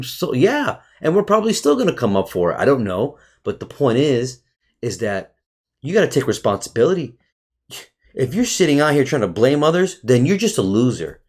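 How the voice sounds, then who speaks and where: A trading educator with a medium-pitched voice narrates a screen-share market review casually, restarting his sentences often. It turns into a profane, heated rant aimed at his viewers.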